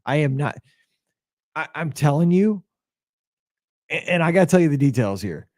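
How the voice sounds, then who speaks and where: Man, podcast host, excitable storyteller, relaxed mellow tone, dry close sound. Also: fairly high pitch, normal speed, no room sound. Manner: excitable, rambling sports storyteller; openly emotional. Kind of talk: casual podcast monologue.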